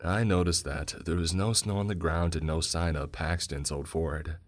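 A man narrating a first-person horror story in a measured storytelling manner. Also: sits low, fairly even intonation.

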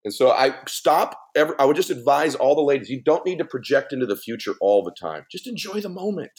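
Middle-aged guy on a podcast telling a funny story, super lively voice, laughs a lot. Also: medium pitch, quick pace. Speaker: podcast guest. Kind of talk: storytelling conversation.

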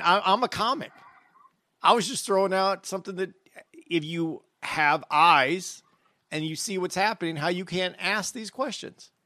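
A man's voice: fairly high pitch, creaky, bright, forceful tone, no echo. A man who is a comedian, chatting casually and hedging his points, saying again and again that he is only asking. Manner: hedging, keeps repeating that he is just asking. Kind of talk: casual podcast chat.

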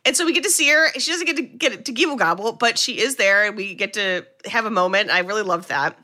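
A woman co-host retells a movie's plot in loose, animated chat, peppering it with "like." Her voice is bright and forceful at a middle pitch. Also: fast. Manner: animated storyteller, lots of "like" fillers. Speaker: podcast co-host. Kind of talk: casual movie recap chat.

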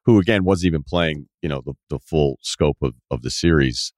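A man's voice: extremely low pitch, moderate pace, darkish tone, no room sound, clean studio sound. A man hosting a podcast interview, asking rambling questions and correcting himself as he goes. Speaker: podcast host.

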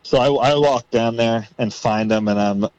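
Excited man telling a story. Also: medium pitch, normal speed, smooth, no echo, muffled recording. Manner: excited storyteller, reenacts his own thoughts. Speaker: podcast guest. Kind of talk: casual storytelling.

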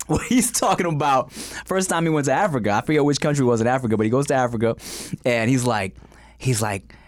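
A man's voice: mid-range voice, fairly quick, no room sound, studio quality. A man co-hosting a podcast in casual chat, telling stories with lots of laughter and swearing. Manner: animated storyteller, laughs often, swears freely. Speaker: podcast co-host. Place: podcast studio.

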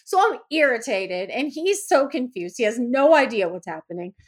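A woman co-hosting a casual podcast chat, telling a story and acting out the lines with big jumps in her voice. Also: normal speed. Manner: animated, acts out quoted lines with big pitch jumps. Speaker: podcast co-host.

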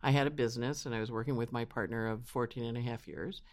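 A man being interviewed as an astrologer, telling his story casually and acting out quotes in animated voices. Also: medium pitch, quick pace. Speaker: astrologer guest. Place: home in New York.

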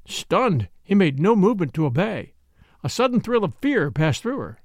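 A male narrator reads a classic novel with vivid, expressive storytelling. His voice sits high and swings widely in pitch. The sound is dry and close. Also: normal speed, no echo. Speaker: audiobook narrator.

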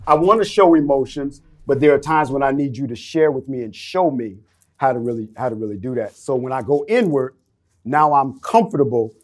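A man's voice: mid-range voice, a little fast, dry recording, clean studio sound. A middle-aged man telling a personal story on a panel, acting out the voices in his dialogue. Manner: storytelling, animated, acts out quoted dialogue. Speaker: panel guest. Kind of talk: casual panel discussion.

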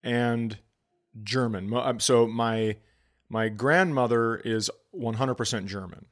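Middle-aged male comic, casual podcast storyteller, animated and profane, mid-range voice. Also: medium pitch, takes it slowly. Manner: animated, swearing, voices others in quotes. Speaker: podcast co-host, comedian.

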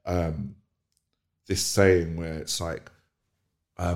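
A very deep-voiced man talking in a casual podcast chat. He is emphatic and animated. He sounds roomy and echoey. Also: unhurried. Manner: animated, emphatic, swings into loud mocking voices. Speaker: podcast co-host.

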